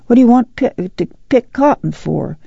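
A woman's voice: fairly high pitch, expressive, normal speed, vocal fry, warm tone, husky, no room sound, pitched above the performer's own voice, exaggerated voice. Woman reading tough tired farm ma, bossy and firm, muffled lo-fi sound. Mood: worried. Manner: firm, coaxing and bossy in turn. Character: weary, determined farm mother of a migrant family. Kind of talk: audiobook character voice.

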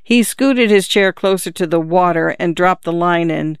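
An audiobook narrator reading a literary story in a measured, even manner. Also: mid-range voice, clear, resonant tone, dry recording, clean studio sound.

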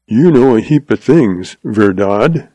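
A man voicing a tart, wary young male cowboy who talks in a cool, measured way. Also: fairly low pitch, lively intonation, mellow, dry recording, heavily acted.

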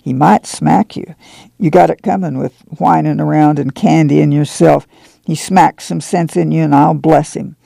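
A firm, practical farm mother, voiced by a man reading a novel speaks bluntly in rural dialect. The voice is gravelly and mellow, and the sound is dry. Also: a little high, steady tone, moderate pace, no echo. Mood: stern.

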